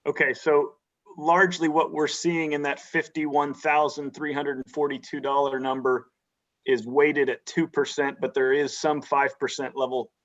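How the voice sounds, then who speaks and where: A man on a county board asking careful, measured questions in a public meeting, often restarting his sentences. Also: a little high, little pitch movement, fairly bright tone. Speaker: county supervisor. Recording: dull lo-fi meeting audio.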